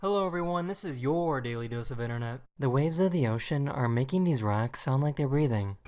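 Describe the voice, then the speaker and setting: A man narrating a compilation of internet clips in a flat scripted read. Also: mid-range voice, brisk.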